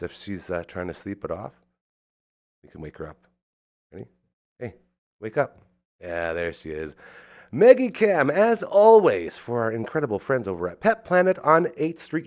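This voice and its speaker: Man in casual host mode, a touch low, stuffed-up allergy voice, rambly and jokey. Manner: rambling, joking, lots of fillers. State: congested, allergy-sick voice. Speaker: podcast host. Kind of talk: casual chat.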